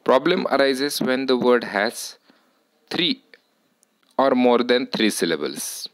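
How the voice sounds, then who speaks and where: A man teaching a lesson on word stress, speaking deliberately, repeating words and correcting himself as he goes. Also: mid-range voice, expressive, no room sound.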